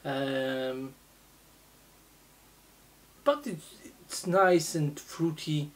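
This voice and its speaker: A woman with a low voice talks through a beer tasting very slowly, pausing often and filling gaps with small hesitations as she describes what she notices. It comes across as a relaxed, casual review, halting and full of fillers.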